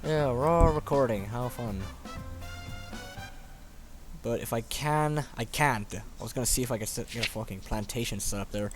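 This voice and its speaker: A man's voice: mid-range voice, moderate pace, pauses often. A man hosting a let's play, giving casual, rambling commentary full of swearing. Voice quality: profane, rambling, offhand. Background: game music.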